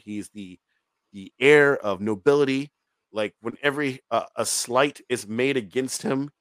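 A podcast co-host reviews a film in casual, rambling, profane chat, laughing often. His mid-range voice is a bit bright, with no echo.

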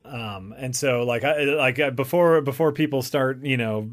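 A man co-hosting a casual podcast, talking in an animated way with lots of fillers. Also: medium pitch, normal speed. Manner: animated, laughs easily, many fillers. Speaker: podcast co-host. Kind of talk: casual chat.

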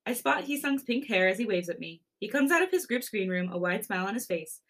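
A woman's voice: mid-range voice, lively intonation, quick pace, hardly any pauses, fairly bright tone. Woman laughing through a fan fiction read. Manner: laughs often while reading. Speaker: podcast co-host reading fan fiction. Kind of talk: reading fan fiction aloud with chat.

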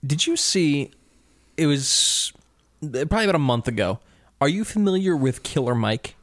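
Male podcast co-host, lively higher voice, dry close sound, excitable and profane. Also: normal speed, dry recording. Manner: animated, laughing, profane. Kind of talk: casual comedic chat.

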